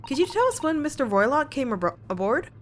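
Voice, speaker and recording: A woman's voice: high voice, sing-song, fast talker, a little hiss or hum, voice pushed up. A woman voicing a polite, hesitant young male student lawyer as she reads game dialogue aloud. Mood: inquisitive.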